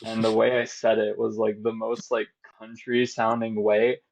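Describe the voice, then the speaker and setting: A young man co-hosting a podcast, chatting casually, animated and quick to laugh. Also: fairly low pitch, creaky, slight background noise, rough recording. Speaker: podcast co-host. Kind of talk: casual chat.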